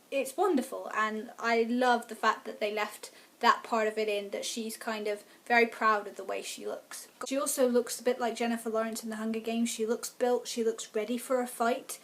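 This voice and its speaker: Woman, vlogger, enthusiastic, casual review chat, slightly high voice. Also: fairly even intonation, normal speed, a bit bright. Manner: enthusiastic, gushing fan talk. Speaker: book vlogger.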